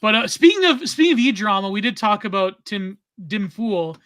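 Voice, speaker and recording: A young man co-hosts a casual livestream with a high, sharp voice. He chats loosely, trailing off with plenty of filler. His voice sounds dry and close. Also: sing-song, normal speed, dry recording. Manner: chatty, trailing off, lots of likes and filler. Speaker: podcast co-host.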